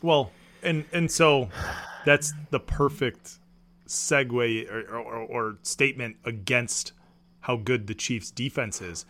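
A man co-hosting a casual sports podcast, arguing his point in halting, drawn-out sentences. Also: medium pitch, bright, forceful tone. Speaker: podcast co-host.

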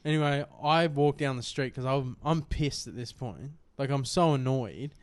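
A man's voice: medium pitch, normal speed, clean tone, no echo. Swearing young Australian man telling a story. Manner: crude, swearing, rambling anecdote. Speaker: podcast co-host. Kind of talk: casual storytelling chat.

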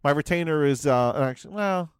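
A man's voice: fairly high pitch, a little fast, clean tone, no room sound. A man co-hosting a comedy podcast, doing an improvised bit, rambling and cutting himself off. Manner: rambling, self-interrupting, laughing. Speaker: podcast co-host.

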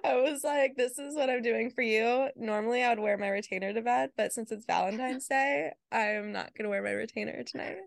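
A young woman co-hosting a podcast in casual chat, tossing in quick jokes and deadpan punchlines. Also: fairly high pitch, gravelly, no room sound, clean studio sound. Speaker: podcast co-host.

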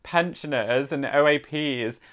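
A man with a slightly raised pitch, co-hosting a relaxed chat podcast. He reads a local news item aloud, then chats about it in a loose, filler-heavy way. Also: unhurried, noisy background. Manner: chatty, says "like" often. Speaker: podcast co-host.

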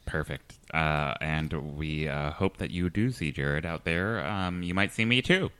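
A man hosting a comedy podcast, deadpan and hesitant, full of ums and uhs. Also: low-pitched, unhurried, clear, resonant tone. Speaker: podcast host.

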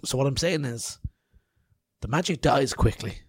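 A man's voice: medium pitch, expressive, normal speed, breathy edge, no room sound. A man hosting a podcast, rambling and self-mocking in casual chat. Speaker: podcast host. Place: outdoor festival grounds in later part.

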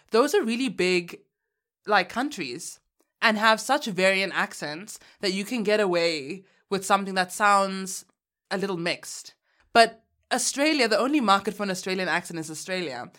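Animated, laughing Ugandan-born woman podcaster. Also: medium pitch. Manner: animated, laughing, frank and slangy. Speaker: podcast co-host. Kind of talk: casual podcast chat.

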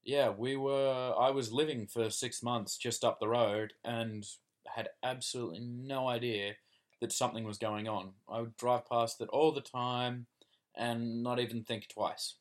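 An Australian man in his twenties or thirties, stuffy and nasal from a cold. He chats in a relaxed, easygoing way as a podcast guest, with a mid-range voice. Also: mid-range voice, unhurried. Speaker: podcast guest, host's partner. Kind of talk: casual podcast chat.

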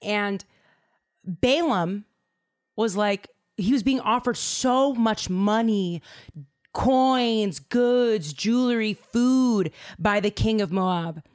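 A woman telling a story casually, animated and slangy with lots of fillers. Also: medium pitch, slow.

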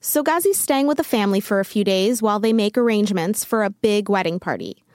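A woman host giving calm, matter-of-fact narration between parts of a story. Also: medium pitch, fairly quick, dry recording, studio quality. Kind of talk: scripted narration.

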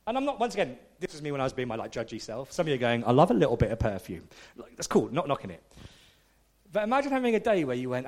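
A man's voice: medium pitch, huge pitch swings, fast, a little mellow. A man preaching a conversational, self-deprecating sermon, often checking in with the congregation. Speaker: pastor.

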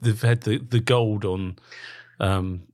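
A man interviewing a former detective, asking long, halting questions with many restarts. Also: on the low side, fairly even intonation, a little mellow, dry recording, studio quality. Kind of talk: conversational interview.

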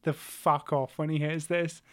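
A man running a quiz segment on a relaxed podcast, his voice sitting a little higher than most. He talks in a chatty, easygoing way and hands out hints with a laugh. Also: a little slow. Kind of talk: casual podcast banter.

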